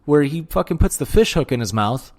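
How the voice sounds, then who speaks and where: A man hosting a podcast alone, talking casually and excitedly, with lots of swearing and filler words. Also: on the high side, fairly quick. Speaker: podcast host. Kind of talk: casual solo podcast monologue.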